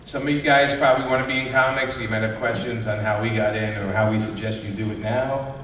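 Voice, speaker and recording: A man's voice: mid-range voice, quick pace, slight background noise. Man from Brooklyn telling a story in an echoey hall. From Brooklyn, New York. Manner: animated anecdote-teller, acts out quoted voices, laughs often. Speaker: comics creator hosting a convention panel. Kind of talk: casual storytelling to a live audience. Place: large convention panel room. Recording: echoey hall, distant mic.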